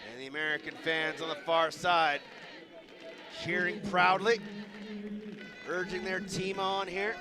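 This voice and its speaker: A man calling a lacrosse game live, rattling off names quickly and shouting on goals and saves. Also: high-pitched, level tone. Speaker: play-by-play commentator. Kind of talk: live sports commentary. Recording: loud stadium crowd behind.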